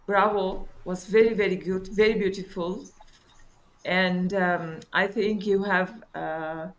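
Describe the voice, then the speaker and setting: A woman's voice: mid-range voice, rough recording. A woman with judging a piano audition over a video call, searching for words and singing short phrases to make her point. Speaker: music judge. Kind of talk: spoken feedback on a performance.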